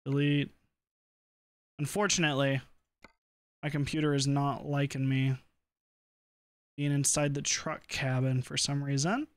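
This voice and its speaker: A man's voice: mid-range voice, level tone, unhurried, long pauses, smooth, no room sound. A man streaming a truck driving game, chatting casually and thinking aloud, swearing now and then. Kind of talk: casual gameplay chat.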